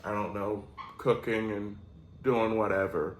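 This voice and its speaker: A man's voice: on the low side, steady tone, measured pace, reverberant, low-quality recording. A man co-hosting a casual chat, talking in an easygoing, rambling way. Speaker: co-host.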